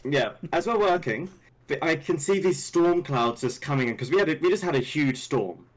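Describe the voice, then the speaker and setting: A man's voice: fairly high pitch, lively intonation, moderate pace, rough recording. A man, co-hosting a podcast and telling a rambling story with lots of restarts. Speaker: podcast co-host. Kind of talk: casual storytelling.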